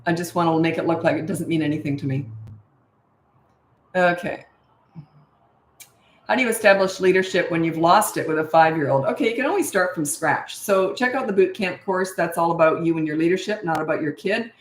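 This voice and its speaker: Parenting coach lady, kinda low voice, breezy no-nonsense answers, sing-songy when she acts out what parents say. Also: expressive, a little fast, a little hiss or hum. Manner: breezy and matter-of-fact, acts out parent lines in a bright sing-song. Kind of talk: casual Q&A livestream. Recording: echoey room.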